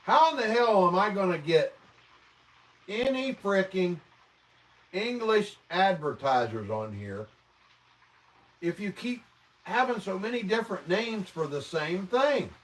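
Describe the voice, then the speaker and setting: In a sing-song, high-pitched, slightly bright voice, a man from the American Midwest takes his time, with long pauses, as he hosts a casual livestream from indoors at home. He meets viewer comments with profane mock outrage. The mic catches him from a bit of a distance.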